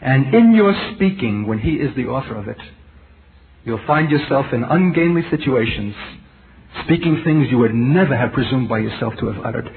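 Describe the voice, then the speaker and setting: A middle-aged man preaching a sermon, emphatic and intense, dropping to a hush and rising again, with rhetorical questions to the congregation. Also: medium pitch, animated, normal speed. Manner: intense, emphatic, swings between loud and hushed. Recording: tinny lo-fi tape with faint hiss.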